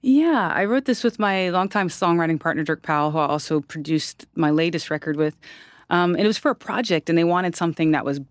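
Musician from north carolina, reflective casual talk, halting, many restarts, dry close sound. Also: mid-range voice, animated, dry recording. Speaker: musician guest.

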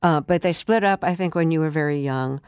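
An interview host who reads a measured introduction and then asks questions in an informative, admiring way. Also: mid-range voice, a little mellow, smooth, no room sound, clean studio sound. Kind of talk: radio-style interview, reading an introduction then asking questions.

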